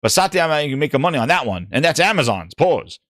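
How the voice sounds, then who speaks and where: A man's voice: a little high, sing-song, fast talker, a bit bright, a little hiss or hum. A man hosting a gaming podcast, talking in a rambling, casual way with lots of fillers and restarts. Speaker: podcast host.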